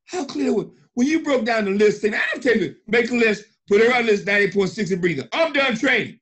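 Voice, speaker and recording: A middle-aged man on a conference call, emphatic and animated, often repeating himself. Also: very high-pitched, brisk, few pauses, husky. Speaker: senior partner and mentor. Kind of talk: excited conference-call praise.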